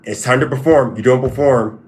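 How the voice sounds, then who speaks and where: A man talking casually on a livestream, reacting to chat as it comes in. His pitch sits in an ordinary middle range, and he restarts his sentences and hammers the same points again and again. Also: fairly quick, a little mellow, a little hiss or hum. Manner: repetitive, stop-start, emphatic. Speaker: livestream host and fighter.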